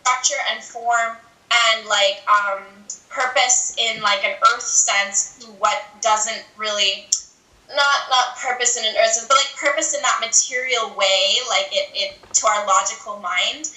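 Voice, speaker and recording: A woman's voice: fairly high pitch, a little slow, bright, forceful tone. A woman from Canada, an astrologer and healer, talking in a casual interview in a thoughtful, searching way with many fillers. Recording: echoey room, distant from mic.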